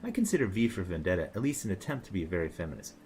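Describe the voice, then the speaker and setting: A man with a very deep, low-pitched voice talks through a loose commentary monologue. His tone is sarcastic and mocking, and he rambles with plenty of fillers and restarts, over faint background noise. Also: sing-song, rapid-fire, darkish tone. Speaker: commentator reacting to online posts.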